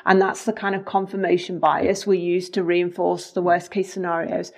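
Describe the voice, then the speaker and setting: Woman with a lowish voice, thoughtful chatty co-host. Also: flat delivery, moderate pace. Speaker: podcast co-host. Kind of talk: conversational talk.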